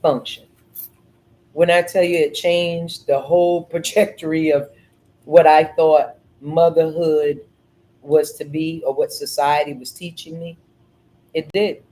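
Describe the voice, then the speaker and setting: A middle-aged woman hosting a podcast, telling stories in an earnest, animated way and repeating phrases. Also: low voice, measured pace, rough recording. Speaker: podcast host. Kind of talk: casual storytelling chat.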